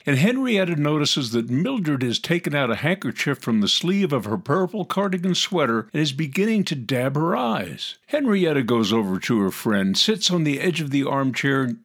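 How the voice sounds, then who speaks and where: A narrator reading scene descriptions in a calm, even storytelling manner. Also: mid-range voice, normal speed, hardly any pauses. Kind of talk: scripted narration.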